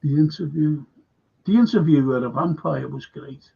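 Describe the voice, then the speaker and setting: A man hosting a casual film chat stream, excitable and reading out viewer comments. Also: a little high, moderate pace, creaky, slightly rough. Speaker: host. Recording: dull lo-fi stream audio.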